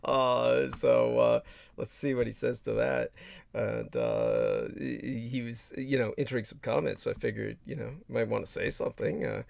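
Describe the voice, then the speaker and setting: A man's voice: medium pitch, lively intonation, moderate pace, gravelly, darkish tone, dry recording, clean studio sound. A man hosting a casual livestream chat, talking in a rambling way with many stammers and restarts. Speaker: host.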